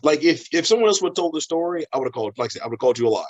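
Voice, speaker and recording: A man, a professional wrestler, telling a story in a casual interview, animated and laughing as he acts out the voices of the people in it. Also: on the high side, rapid-fire, muffled recording.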